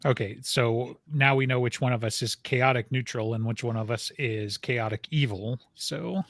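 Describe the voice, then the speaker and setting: A man co-hosting a casual podcast weighs his words in a measured, hedging way. His voice has a gravelly, fry-laden edge, and the sound is dry and close with no room around it. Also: mid-range voice, a bit bright, dry recording. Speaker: podcast co-host.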